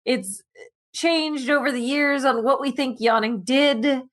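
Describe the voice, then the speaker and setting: A woman's voice: sits high, takes it slowly. A woman co-hosting a casual science podcast, explaining a study in a chatty way with asides, while sleepy and yawning. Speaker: podcast co-host presenting animal news.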